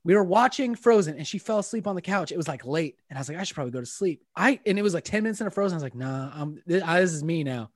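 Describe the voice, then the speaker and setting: A man co-hosting a casual podcast chat, excitable and jokey, telling quick stories. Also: fairly high pitch, dry recording. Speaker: podcast co-host.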